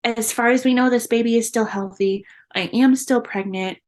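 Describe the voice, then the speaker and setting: A woman's voice: on the high side, fairly even intonation, moderate pace, darkish tone. A young adult woman, a guest in an interview, earnestly telling a personal story and laughing often between the hard moments.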